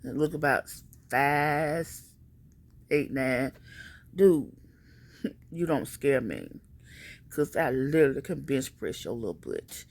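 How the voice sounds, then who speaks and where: Husky-voiced woman telling a story. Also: very deep voice, slow pace, pauses often. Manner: animated, emphatic, conversational. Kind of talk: casual storytime vlog.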